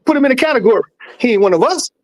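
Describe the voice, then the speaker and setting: A man hosting a livestream sports debate, loud and profane, talking over others and repeating himself. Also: very high voice, animated, racing. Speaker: livestream host.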